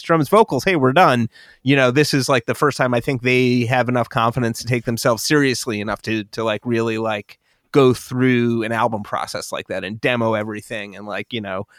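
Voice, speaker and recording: A man's voice: mid-range voice, a bit bright, no echo. Rambling man, dry close sound. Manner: rambling, self-correcting. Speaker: podcast guest. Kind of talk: casual music discussion.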